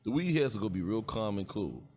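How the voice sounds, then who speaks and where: A man's voice: fairly low pitch, sing-song, fast talker, mellow. A middle-aged man co-hosting a podcast about security work, chatting casually and rambling, often repeating words as he starts a thought. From United States. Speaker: podcast co-host, security guard. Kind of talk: casual chat.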